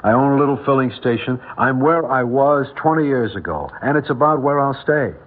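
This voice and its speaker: A man's voice: mid-range voice, fairly quick, natural voice. An actor in his forties playing a modest, earnest filling-station owner, speaking hesitantly in 1940s radio style. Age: 40s. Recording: tinny old radio broadcast.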